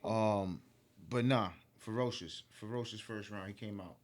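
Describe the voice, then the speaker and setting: A man's voice: fairly low pitch, steady tone, measured pace. A man co-hosting a casual chat, blunt and tripping over repeated words. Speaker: podcast co-host.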